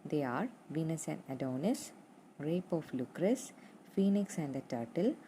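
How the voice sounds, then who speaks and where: A young woman teaching a literature lesson, going over points slowly and repeating them with fillers. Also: low voice, expressive, dark tone, slight background noise, poor audio. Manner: slow and repetitive, spelling out points with fillers.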